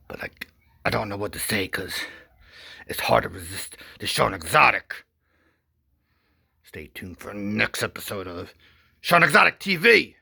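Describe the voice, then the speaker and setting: A man spins a rambling satirical story, dropping goofy, deadpan asides along the way. His voice is gravelly and bright, and it swings widely up and down. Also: fairly low pitch, normal speed, long pauses. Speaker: comedic storyteller.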